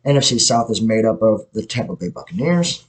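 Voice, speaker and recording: With a lowish voice and lively intonation, the man talks a little fast over poor audio. He's hosting his self-produced podcast into its mic, offering opinionated, blunt sports takes in a rambling, casual way and frequently self-correcting.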